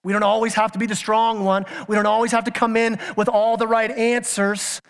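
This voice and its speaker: A pastor with a high, clear, resonant voice and a level tone preaches fairly quickly. Earnest and emphatic, he asks his listeners one question after another, sometimes restarting, in a church sanctuary recorded with long reverb.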